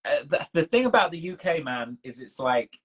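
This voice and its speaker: A man's voice: fairly high pitch, very animated, normal speed, fairly bright tone, breathy edge, low-quality recording. A man with a British accent, rambling in casual chat as the host of a live stream, with loose speech full of "bro" and "man". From United Kingdom. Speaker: documentary creator and host. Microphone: video call.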